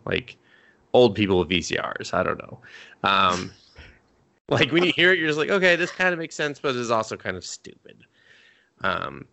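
Bright lowish guy rambling thru an anime recap, swears a lot, lots of likes and ums. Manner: rambling, loose and profane, full of fillers. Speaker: podcast co-host. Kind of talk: casual recap of an anime episode.

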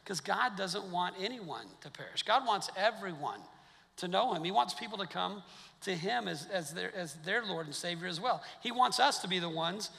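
A man's voice: high-pitched, lively intonation, moderate pace, vocal fry, pushed and bright, in a large hall. A male pastor preaching a sermon in a church, talking conversationally with wry asides to his congregation. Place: church sanctuary.

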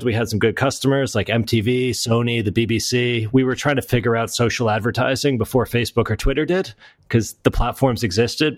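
This interview guest is a middle-aged author and entrepreneur from Florida in the United States, speaking at medium pitch in a dry recording. He talks casually, pokes fun at himself, and regularly restarts his sentences.

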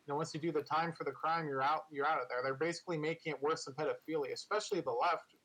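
A man's voice: fairly high pitch, fairly even intonation, rapid-fire, a loud crowd, low-quality recording. A man co-hosting a podcast in casual political chat, rambling and full of filler words.

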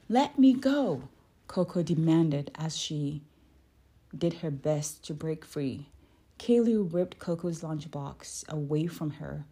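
Slow, low-voiced woman reading a storybook. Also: husky. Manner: careful, gentle, correcting her own slips. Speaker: reader. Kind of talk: reading a children's book aloud.

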